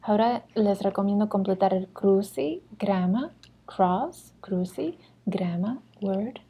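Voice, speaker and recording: A woman with a mellow, mid-range voice and a breathy edge teaches a recorded Spanish lesson. Explaining patiently in English, she models Spanish phrases and corrects herself conversationally as she goes.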